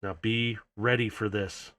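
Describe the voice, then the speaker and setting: A man doing a fussy, soft-spoken woman leader. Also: fairly low pitch, steady tone, measured pace, no room sound, studio quality, pitched below the performer's own voice. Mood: rallying. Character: brisk, fussy woman leader herding little bots.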